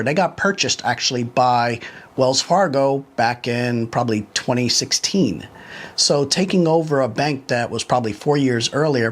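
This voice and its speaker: A man's voice: mid-range voice, breathy edge. A man who runs a valet company telling a long story about a former employee in a casual, rambling way, acting out what others said. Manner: rambling, conversational, quotes others in dialogue.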